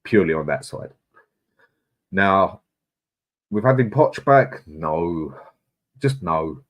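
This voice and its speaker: A deep-voiced man takes his time while co-hosting a casual live stream, reading out viewer comments. He sounds expressive, chatty, and bluntly opinionated, with plenty of laughs and repeated "mate."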